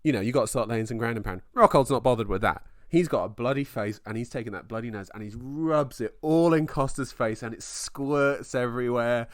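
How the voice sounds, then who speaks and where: A young man co-hosting a casual sports podcast, rambling and excitable as he retells a fight. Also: mid-range voice, a little fast, hardly any pauses, no echo, studio quality. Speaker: podcast co-host.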